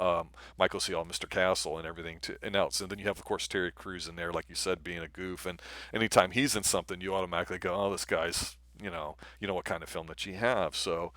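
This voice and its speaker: A man hosts a live movie review stream in relaxed, easygoing talk. His voice sits low but sounds bright. The recording is dry and close. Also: dry recording. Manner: easygoing, laughs along. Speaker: movie review show host. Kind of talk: casual live-stream chat.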